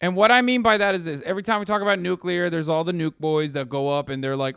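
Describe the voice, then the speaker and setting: A man streaming reaction commentary, talking in a profane, animated and mocking way. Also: high voice, fast, gravelly, few pauses, clean tone, no echo, clean studio sound.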